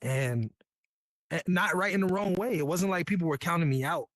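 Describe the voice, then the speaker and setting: A man's voice: high-pitched, normal speed, fairly bright tone, no echo. A man from New York, a Navy veteran guest, telling his story in a candid, earnest, slangy way. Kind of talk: casual storytelling.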